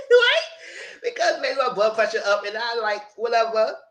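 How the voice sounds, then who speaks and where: This channel host's casual live reality TV recap is full of blunt profanity and frequent laughter. His very high voice swings widely in pitch, moving at normal speed with a bit of brightness.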